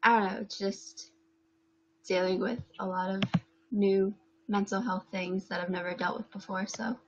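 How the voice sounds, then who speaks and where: A woman's voice: mid-range voice, steady tone, measured pace. A young woman from the U.S. East Coast joins a livestream over a video call and talks shyly, hedging with fillers. Her audio is dull and lo-fi, with a faint hum behind it. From United States, East Coast. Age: young adult. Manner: hesitant, shy, many fillers. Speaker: livestream guest. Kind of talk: casual video call chat.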